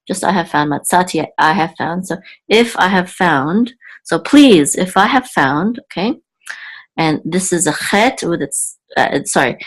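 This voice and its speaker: A woman teaching Biblical Hebrew word by word, patient and halting, often correcting herself. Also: low voice. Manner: halting, with many fillers and self-corrections. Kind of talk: slow, patient word-by-word lesson.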